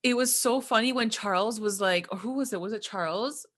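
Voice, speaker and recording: A woman with a bright, forceful voice at a middle pitch, chatting about a TV episode. She is opinionated and fills her talk with "like." She sounds like one half of a casual podcast. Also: a little fast. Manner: chatty, opinionated, many "like" fillers. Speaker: podcast co-host. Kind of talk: casual TV recap chat.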